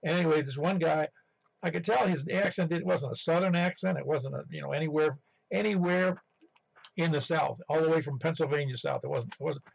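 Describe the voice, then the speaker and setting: Gravelly raspy man on a radio net. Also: fairly high pitch, brisk. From western New York, near Buffalo. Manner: rambling storyteller with many restarts. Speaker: ham radio net regular. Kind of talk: casual radio chat. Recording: muffled radio audio.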